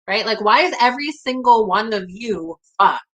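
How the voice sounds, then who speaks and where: Woman telling her own story, kinda high and bright, loose and swears a lot. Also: animated, normal speed, lo-fi sound. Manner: casual and profane, heavy use of "like". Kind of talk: personal storytelling.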